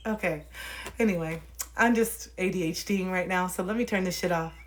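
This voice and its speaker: A young woman livestreaming, ranting casually and profanely to her viewers in an animated way. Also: lowish voice, moderate pace, slight background noise.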